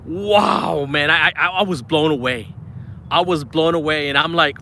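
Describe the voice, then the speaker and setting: Reading super chats during his live fishing stream at a riverbank, this host is talkative, thankful, and a touch winded. His fairly high voice is animated and pushed bright, yet he keeps a measured pace.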